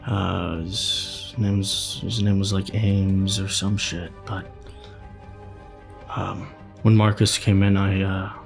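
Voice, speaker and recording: A man playing a tabletop game, telling his character's story slowly. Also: sits low, level tone, vocal fry, faint music behind. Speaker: player.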